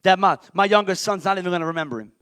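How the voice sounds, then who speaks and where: A middle-aged male pastor preaching an impassioned sermon, swinging from shouts down to near-whispers. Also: sits high, rapid-fire, clean tone, dry recording.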